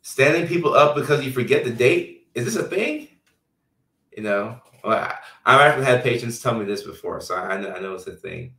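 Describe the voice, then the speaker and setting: A man hosting a casual live stream as a health care provider, reading viewer comments out loud in a loose, chatty way full of fillers. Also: mid-range voice, lively intonation, a little fast, gravelly. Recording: roomy sound from a distant mic.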